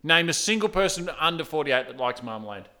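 A man's voice: on the high side, very animated, fairly quick, sharp tone. A man co-hosting a podcast in casual, teasing chat. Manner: jokey, teasing. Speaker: podcast co-host.

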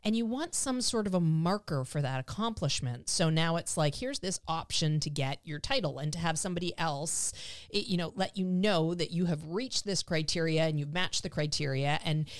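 A woman's voice: sits low, moderate pace. A woman hosting a casual dog training podcast, talking with enthusiasm, often restarting her sentences, her voice quivering with emotion. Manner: enthusiastic, emotional, repeats words when starting sentences. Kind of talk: casual chat.

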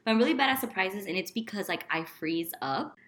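Bright-voiced woman telling a story. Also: mid-range voice, a little fast. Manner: animated, profane storyteller acting out quotes. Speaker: podcast co-host. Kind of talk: casual chat, storytelling.

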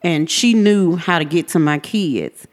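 A woman's voice: on the low side, unhurried. A woman, a podcast guest telling her personal story earnestly and acting out the voices of people in it. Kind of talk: personal testimony in a podcast interview. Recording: long hall reverb.

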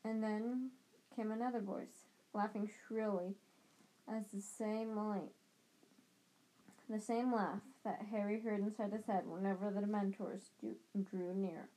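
A woman's voice: medium pitch, steady tone, unhurried, dark tone, low-quality recording. A woman reading a novel aloud as an amateur audiobook reader, with occasional slips and restarts.

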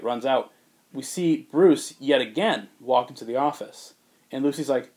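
A man on a podcast telling a story in casual chat, rambling with fillers and putting on quick voices for the characters. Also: mid-range voice, a little mellow. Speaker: podcast co-host pitching a movie.

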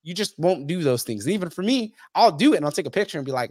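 A man's voice: fairly high pitch, fast, no room sound, clean studio sound. A young man talking bluntly as a podcast guest, swearing heavily and acting out other people's lines as he tells stories. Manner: animated storytelling, acts out others' lines. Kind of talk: casual interview talk.

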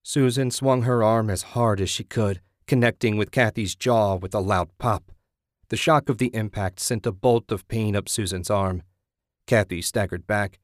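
Low-voiced male horror narrator. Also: steady tone, normal speed, dry recording, clean studio sound. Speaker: audiobook narrator.

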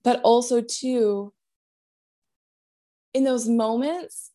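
A woman giving a spiritual medium reading in a gentle, reassuring way, often trailing off and restarting her sentences. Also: fairly high pitch, steady tone, drawn-out words.

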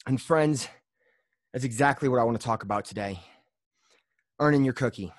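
A man's voice: medium pitch, moderate pace, no room sound, clean studio sound. A man hosting his own podcast, talking bluntly in a fired-up motivational monologue and swearing freely, a little out of breath after a workout. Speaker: podcast host.

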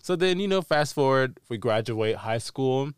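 A young man co-hosting a casual chat show, telling an animated story and acting out the people in it. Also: medium pitch, moderate pace, clean tone, no echo, clean studio sound. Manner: animated storyteller, acts out quotes, laughs often. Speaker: podcast co-host.

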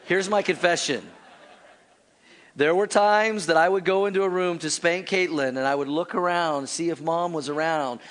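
A middle-aged man preaching a sermon to a church congregation, telling stories in an animated way and acting out the voices in them. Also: a little high, moderate pace. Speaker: pastor. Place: church service before a congregation.

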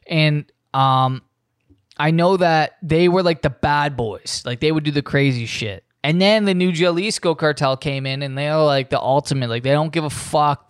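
A man's voice: on the high side, clear, resonant tone, no room sound, clean studio sound. A man hosting a podcast, rambling profanely through a casual monologue and reading news aloud. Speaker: podcast host.

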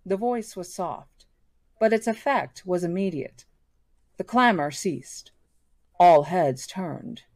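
A woman reading a novel aloud for a book club, steady and now and then correcting herself. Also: on the low side, slow, no echo.

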